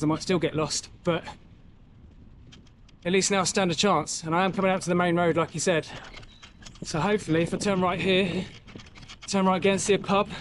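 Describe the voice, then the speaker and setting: A man chatting to himself and his camera while cycling outdoors, sometimes out of breath, with a casual and cheerful way of talking. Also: sits high. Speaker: cycling vlogger. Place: outdoors on a bike route. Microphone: camera mic. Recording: faint outdoor noise.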